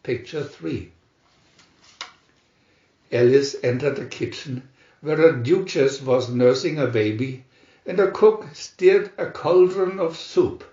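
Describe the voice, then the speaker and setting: A man reading a storybook aloud slowly and expressively. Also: medium pitch, dark tone. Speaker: storybook reader. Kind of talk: read-aloud storybook narration. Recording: roomy muffled home recording.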